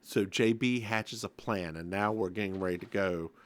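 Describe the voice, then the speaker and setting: A man hosting a podcast, recapping a TV episode in animated, casual storytelling. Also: lowish voice, normal speed. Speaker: podcast host.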